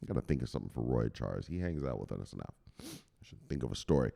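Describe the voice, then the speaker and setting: A man hosting a crypto news livestream, chatting with viewers in a loud, profane, excitable way. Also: a bass voice, fast talker, creaky. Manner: profane, excitable, shouting "bang!" often.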